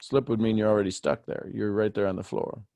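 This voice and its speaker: A man leads a group coaching session over a video call. His voice jumps up high when he gets animated and teases the group. The sound is dry and close, with no room around it. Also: fast, no echo. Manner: animated, teasing, questioning step by step. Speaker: host coaching callers.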